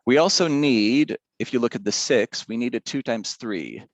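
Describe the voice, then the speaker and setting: A man's voice: medium pitch, moderate pace, no room sound. A male teacher giving a casual math lesson, chatty and rambling, drifting into side stories.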